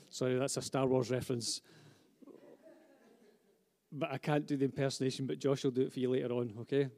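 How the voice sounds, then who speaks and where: A man's voice: medium pitch, fairly even intonation, brisk, vocal fry, pauses often, a little mellow. A man preaching a sermon, speaking fervently and building to emphatic repetition. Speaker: pastor. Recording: long hall reverb.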